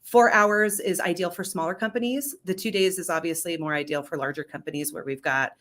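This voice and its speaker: A woman with a slightly low voice speaks as a leadership coach in an interview. She talks candidly and with emphasis, often tagging her points with "right?" to pull the listener along. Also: steady tone, brisk, a bit bright. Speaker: leadership coach and business founder. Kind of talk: storytelling in an interview.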